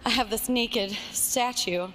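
Lively young woman telling stories. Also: fairly high pitch, measured pace, noisy background. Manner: animated storytelling, slipping into quoted voices, often laughing. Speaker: talk show guest, actress. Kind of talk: casual chat.

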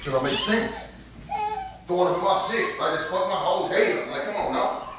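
Man, loud profane rant, roomy echo, distant mic. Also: high-pitched, animated, brisk, heavy background noise. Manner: loud, profane, repeats himself. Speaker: husband in a prank vlog. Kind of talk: angry ranting argument. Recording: echoey room, mic from a distance.

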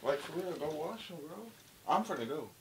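A man's voice: on the high side, animated, moderate pace, noisy background. A young adult man, a vlogger, teasing his girlfriend in a casual prank video. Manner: teasing, playful.

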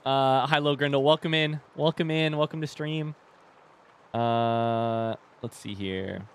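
A young man live-streaming a video game, reacting loudly and swearing when hit while chatting with viewers. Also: medium pitch, takes it slowly, clean tone. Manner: excitable, swears and yelps when hit, reads chat aloud. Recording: game music behind voice. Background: game music.

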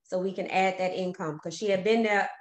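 A woman's voice: mid-range voice, fairly even intonation, a little fast. Down-to-earth woman, echoey studio. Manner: down-to-earth, tells client stories, laughs easily. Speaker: mortgage lender and co-host. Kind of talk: conversational radio show talk.

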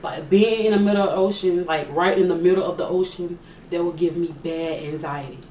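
A woman's voice: lowish voice, brisk, mellow. A young woman casually answering questions for her vlog, chatty and joking, often thinking aloud. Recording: echoey room, mic at a distance, faint hiss.

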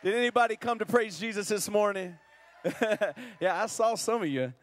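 A young man preaches a sermon in a church, his voice sitting a little high. He jokes easily and leads the congregation in call-and-response. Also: moderate pace, long reverb tail, soft background music, some chatter behind. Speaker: guest preacher. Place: church sanctuary.

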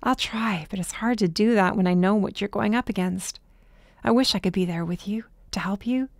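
A woman's voice: medium pitch, normal speed, no room sound, clean studio sound, natural voice. A woman voicing an anxious young heroine who talks in a pointed, edgy way. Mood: wistful.

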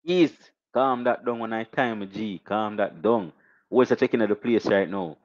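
A young Jamaican man hosting a casual live stream, shouting out viewers and reading donations with animated, repetitive catchphrases. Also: on the low side, normal speed, highs cut off, slight background noise.

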